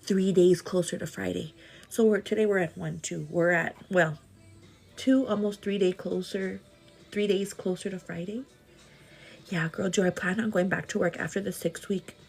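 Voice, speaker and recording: A woman in her thirties talks casually through a makeup livestream, her voice a little husky. She chats back to viewers in a loose, friendly way, calling them "girl" as she goes. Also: mid-range voice, fairly even intonation, normal speed, soft background music. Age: 30s. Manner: chatty, answers viewer comments, says "girl" often. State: pregnant with twins. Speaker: livestream host. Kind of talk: casual livestream chat while doing makeup.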